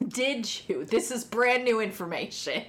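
A woman co-hosting a podcast in casual chat, playful, with quick deadpan jabs. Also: on the high side, slight background noise. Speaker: podcast co-host.

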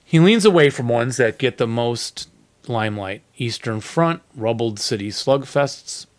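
A man's voice: medium pitch, lively intonation, a little slow. Laid-back male podcast co-host. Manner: laughs easily, reads letters aloud. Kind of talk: casual chat reading listener mail.

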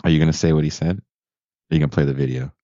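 A man hosting a podcast, chatting casually and telling animated, joking stories. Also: a bass voice, fast talker, dry recording. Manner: animated, laughing, storytelling. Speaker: podcast host. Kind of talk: casual chat. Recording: dull lo-fi sound.

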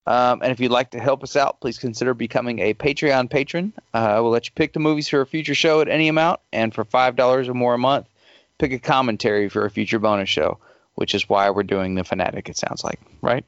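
A man's voice: medium pitch, fast, dry recording, dull audio. A man hosting a podcast, reading listener feedback and often laughing as he reads. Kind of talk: casual chat.

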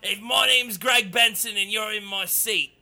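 A boisterous shouting man with an over-the-top mock-Australian accent, put on by a man. He sits far above his normal pitch and bellows each line with a laugh breaking in. The accent is a clumsy send-up. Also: a little slow, heavily acted. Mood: rowdy. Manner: shouting, exaggerated, laughing through it.

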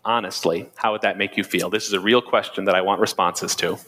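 A man's voice: low-pitched, fairly even intonation, brisk, bright, forceful tone. A man preaching a sermon as pastor, retelling a story and asking the congregation directly. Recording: sermon played back with hall reverb.

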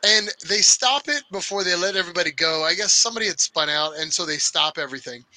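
A man telling stories in casual podcast chat, boastful and energetic. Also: high voice, fast talker, no room sound, poor audio. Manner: boastful, energetic trash-talking storyteller. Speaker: podcast co-host.

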